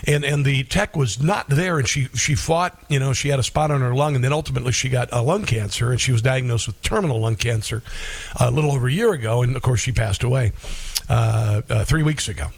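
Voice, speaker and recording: A middle-aged man hosting a talk radio show, sharing a heartfelt personal story in a halting way, often restarting his sentences. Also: mid-range voice, creaky, breathy edge.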